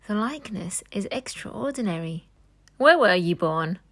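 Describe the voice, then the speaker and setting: A kind elderly gentleman, grave but caring, as a woman reads him aloud. He speaks gently and earnestly, at an unhurried pace. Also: mid-range voice, lively intonation.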